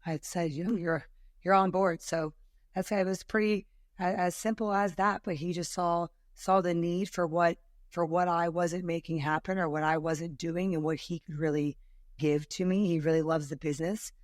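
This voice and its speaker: A woman studio owner talks as a guest in a casual interview, chatty and quick to poke fun at herself. The sound is dry and close. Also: on the low side, fairly even intonation, no echo. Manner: chatty, self-deprecating.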